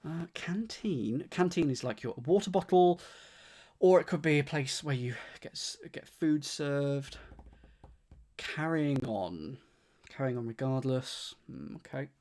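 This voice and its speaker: A man's voice: mid-range voice, lively intonation, measured pace, long pauses, a little mellow. A man streaming himself solving a crossword, thinking aloud, repeating clues under his breath and thanking viewers by name.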